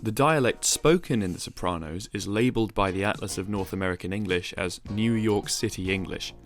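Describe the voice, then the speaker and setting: A man giving a measured, explanatory, scripted narration for a video essay. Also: fairly low pitch, faint music behind.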